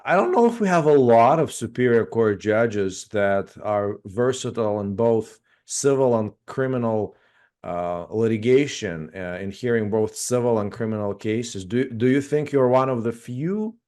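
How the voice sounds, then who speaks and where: A man's voice: mid-range voice, expressive, measured pace, darkish tone. A man hosting an interview, asking long, winding questions and laughing along with his guest.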